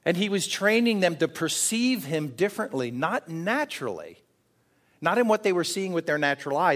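A man's voice: a little high, a bit bright. A man preaching a sermon in an earnest way, often asking the congregation questions. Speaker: pastor.

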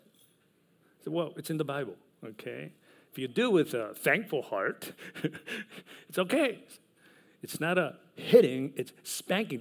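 Male pastor, unhurried sermon delivery with loud emphatic peaks and hushed asides; mid-pitched voice. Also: gravelly.

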